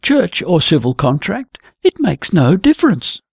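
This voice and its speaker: Brief: reader voicing a resolute young woman artist, gravelly texture, dry close sound. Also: fairly low pitch, sing-song, unhurried, no room sound, heavily acted. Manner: quiet, firm and reflective.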